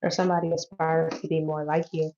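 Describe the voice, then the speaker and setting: Woman, chatty tarot reader, relaxed dark tone, muffled lo-fi sound. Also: low-pitched, brisk. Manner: loose, chatty, swears and laughs easily. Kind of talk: casual tarot reading to camera. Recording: dull lo-fi audio.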